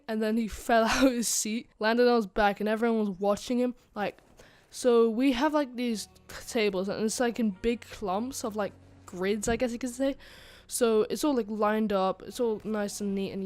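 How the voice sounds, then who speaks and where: A woman's voice: a little high, a little mellow, dry recording. A woman telling a casual storytime tale into a desk microphone, rambling with lots of fillers, restarts and giggly asides. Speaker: channel host telling a story.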